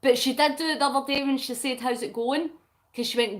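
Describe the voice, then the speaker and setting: A woman's voice: high voice, fairly quick. A middle-aged Scottish woman hosting a casual livestream, chatting and giggling as she reads out viewer comments while doing crafts. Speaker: livestream host. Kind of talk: casual live chat reading comments.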